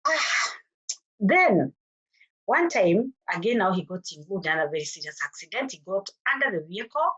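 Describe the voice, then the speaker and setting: Bright-voiced Kenyan mother telling her story. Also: medium pitch, very animated, moderate pace, slightly rough, highs cut off. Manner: earnest storytelling, acting out quoted exchanges. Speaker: mother sharing her story as a forum guest. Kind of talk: personal testimony at a forum.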